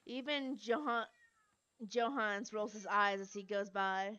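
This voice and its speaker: Bright-voiced woman streamer reading a game. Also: mid-range voice, a little slow, clean tone, muffled recording. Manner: chatty, giggly asides. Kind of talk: reading a story game aloud.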